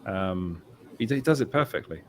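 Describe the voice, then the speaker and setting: A man's voice: sits low, expressive, moderate pace, slight background noise. A young English man hosting a casual talk show, chatty, laughing often and trailing off. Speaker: host. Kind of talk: casual podcast chat.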